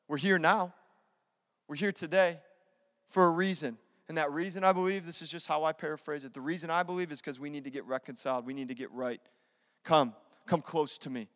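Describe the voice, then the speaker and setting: A young adult man preaching a sermon as pastor, animated, moving between loud declarations and hushed, intimate asides. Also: a little high, long reverb tail.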